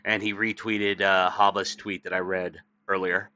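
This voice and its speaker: A worn-out man delivers crude, sarcastic political commentary, reading news items aloud and tripping over the words with lots of uhs. His voice is very bright and sharp in tone. The recording is dry and a bit dull, like a cheap home mic. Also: low voice, little pitch movement, moderate pace, no echo. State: tired, yawning. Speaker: political commentary channel host.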